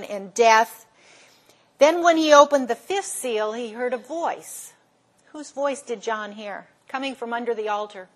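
A woman teaching a Bible study, retelling the story in a lively way and posing questions to the class that she then answers herself. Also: fairly high pitch.

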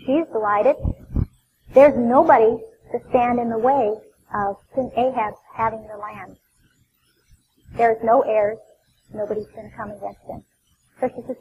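A woman with a fairly high voice teaches through a Bible passage, telling it as a story and leaning hard into the quoted lines. The recording is dull and lo-fi, with a faint hum of noise underneath. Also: moderate pace, pauses often. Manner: animated storytelling, voicing scripture quotes with emphasis.

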